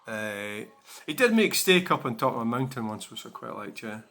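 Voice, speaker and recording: A man's voice: medium pitch, big pitch swings, normal speed, a bit bright. A man chatting casually to his viewers, rambling with many fillers and restarts. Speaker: channel host. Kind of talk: casual chat to camera.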